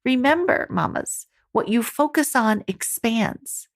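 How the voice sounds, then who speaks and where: A woman's voice: a little high, expressive, slow. A woman life coach talking to mothers in a monologue, upbeat and encouraging, speaking straight to her listeners.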